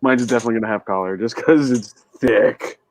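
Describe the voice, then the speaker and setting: A man's voice: mid-range voice, quick pace, darkish tone, a little hiss or hum. A man in casual chat who teases his friends, laughs often and swears freely. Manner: laughs often, crude and teasing. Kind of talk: casual chat while building.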